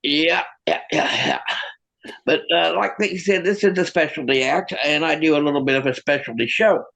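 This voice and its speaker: A man's voice: on the high side, normal speed, creaky, a bit bright, poor audio. A man doing stand-up comedy with a bit of magic, telling self-mocking stories in a stammering, restarting way, filmed on his own camera.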